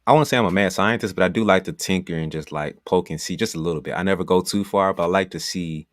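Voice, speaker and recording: A man with a very low voice hosts a podcast interview in a relaxed, casual way, now and then groping for the right word. The sound is dry and close. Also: fast, no room sound. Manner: relaxed, searching for words. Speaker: podcast host.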